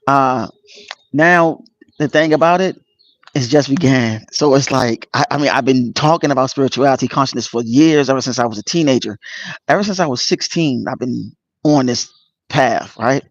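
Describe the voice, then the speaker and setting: A man hosting a casual livestream, greeting viewers by name and speaking earnestly and emotionally about his spiritual path, with many pauses and fillers. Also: medium pitch, dry recording. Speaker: channel host. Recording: dull lo-fi dry sound.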